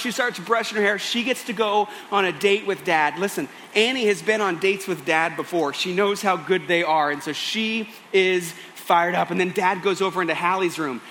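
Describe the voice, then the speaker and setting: Male pastor, sermon, high voice, bright tone, earnest pleading storytelling. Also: slight background noise.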